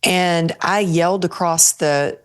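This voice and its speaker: A woman's voice: lowish voice, fairly even intonation, slow, clean tone. A woman guest on an interview show, earnestly telling a personal story and acting out her own thoughts as she goes.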